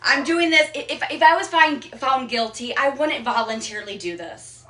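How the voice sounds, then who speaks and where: A woman's voice: high voice, moderate pace, sharp tone. A young adult woman livestreaming from home, rambling, defensive and repetitive. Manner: rambling, repeating herself, defensive. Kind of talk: emotional livestream rant. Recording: echoey room, mic held off at a distance.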